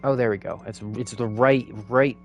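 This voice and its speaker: Gravelly chatty male streamer. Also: medium pitch, moderate pace, highs cut off, faint music behind. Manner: chatty, upbeat, rambling asides. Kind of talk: live game streaming commentary.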